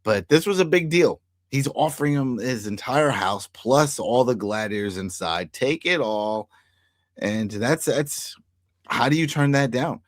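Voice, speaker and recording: A man's voice: mid-range voice, animated, a little slow, no room sound, clean studio sound. A man co-hosting a casual TV recap chat, laughing often and humming filler sounds as he talks. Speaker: podcast co-host.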